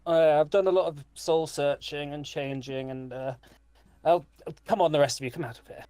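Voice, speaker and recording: A man voicing a caught-out man who apologizes in a booming put-on voice. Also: steady tone, moderate pace, mellow, lightly acted. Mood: sheepish. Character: sheepish middle-aged man caught out, apologetic.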